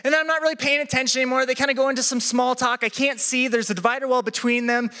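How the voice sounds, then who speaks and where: A man preaching a sermon, telling a comic personal story with lively energy. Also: very high voice, racing, clean tone. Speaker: pastor. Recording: echoey hall.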